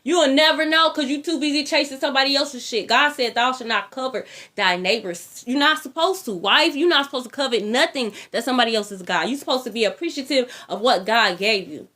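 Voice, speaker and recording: High bright-voiced lady doing tarot, blunt and cussing. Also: brisk, hardly any pauses. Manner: blunt, profane, repeats herself. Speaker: tarot reader. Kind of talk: casual tarot reading.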